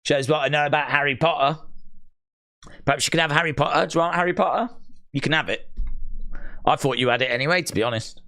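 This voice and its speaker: A man's voice: fairly high pitch, quick pace, pauses often, sharp tone. A man hosting a live stream, chatting casually with viewers, musing aloud with dry, rambling asides.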